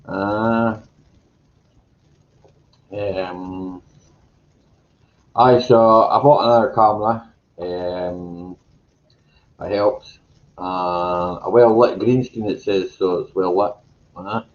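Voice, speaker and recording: A man hosting a casual live chat, greeting viewers by name in a slow, meandering way and chuckling to himself. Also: sits low, fairly even intonation, lo-fi sound. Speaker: live stream host. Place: home room with green screen.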